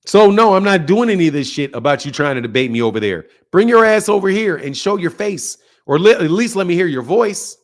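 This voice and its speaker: A man hosting a boxing livestream, ranting at viewers in a profane, confrontational and animated way. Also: high-pitched, brisk, hardly any pauses. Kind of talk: heated livestream rant.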